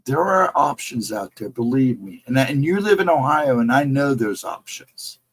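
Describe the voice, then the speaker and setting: A man's voice: medium pitch, lively intonation, moderate pace, slightly rough, rough recording. A middle-aged man co-hosting a casual livestream chat, talking in an earnest, encouraging way and repeating his advice. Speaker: livestream co-host.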